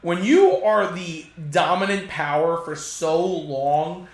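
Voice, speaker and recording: A young man, a podcast guest, joking and animated in casual chat. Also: fairly high pitch, takes it slowly, distant mic. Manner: animated, jokey. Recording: echoey room.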